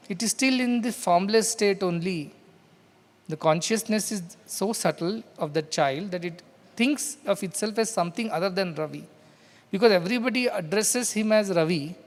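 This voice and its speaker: A man from India, a spiritual teacher, giving an explanatory discourse and acting out what a child says. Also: high voice. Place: large hall. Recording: hall reverb.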